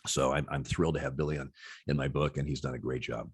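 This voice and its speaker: A man's voice: very deep voice, little pitch movement, fast talker, slightly rough, no echo, clean studio sound. A man in his sixties, a former umpire, talking candidly as an interview guest, often repeating words and restarting his sentences.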